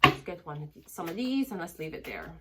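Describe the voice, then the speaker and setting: A woman's voice: on the low side, sing-song, a little fast, noisy background. Rambling Jamaican woman tarot reader. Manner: rambling, with many restarts. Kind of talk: casual monologue to camera.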